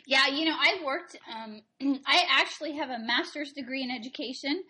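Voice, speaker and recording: A woman's voice: high voice, normal speed, pushed and bright. A woman hosting a casual interview, listening attentively and chiming in with agreement. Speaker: host.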